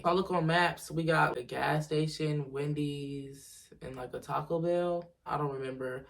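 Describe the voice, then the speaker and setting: A woman telling a story to her viewers in a casual storytime video, animated and swearing freely. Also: deep voice, moderate pace, gravelly, hardly any pauses, far from the mic. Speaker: storyteller vlogger.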